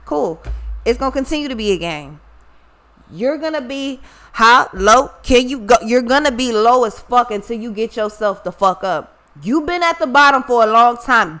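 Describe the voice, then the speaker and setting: High-voiced woman, blunt and profane. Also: expressive, normal speed, a bit bright. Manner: profane, scolding, storytelling. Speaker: tarot reader. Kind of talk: blunt casual monologue to viewers.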